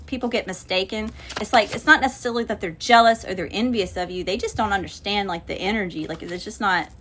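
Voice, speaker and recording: A woman hosting a casual livestream tarot reading, cursing freely and calling her viewers y'all. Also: mid-range voice. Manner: profane, animated, addresses viewers as y'all. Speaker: spiritual channeler and livestream host.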